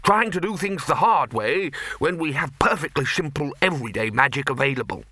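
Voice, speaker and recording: A man's voice: a little high, expressive, brisk, sharp tone, slightly rough, no echo, voice pushed up, heavily acted. A man voicing a nervous, fussy male bursar who speaks anxiously and deferentially.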